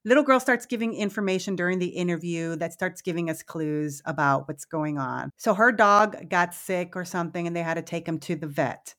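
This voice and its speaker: A woman co-hosting a podcast, recapping a movie in a casual, animated way, swearing freely and laughing easily. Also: on the low side, normal speed. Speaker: podcast co-host.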